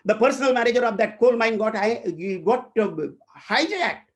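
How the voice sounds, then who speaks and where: A man's voice: extremely high pitch, normal speed. A man with an Indian English accent, a corporate trainer telling a motivational story and speaking directly to his audience.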